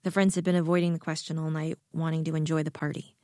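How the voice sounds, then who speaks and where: A woman narrating a short story in a calm, measured, deadpan way. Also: deep voice, no room sound, studio quality. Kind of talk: audiobook story reading.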